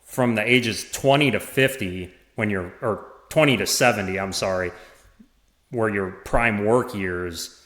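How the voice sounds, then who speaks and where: A man's voice: lowish voice, fairly bright tone. Rambling man in a roomy echo. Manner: halting, many restarts, nervous laughs. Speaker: podcast guest, former parish administrator. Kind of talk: casual conversation.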